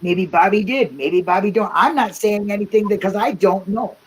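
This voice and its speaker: A woman's voice: mid-range voice, normal speed, a little mellow, husky, low-quality recording. Emphatic woman hosting a chatty talk show. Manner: emphatic, repeats phrases, many "you know what I mean"s. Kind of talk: casual talk-show discussion.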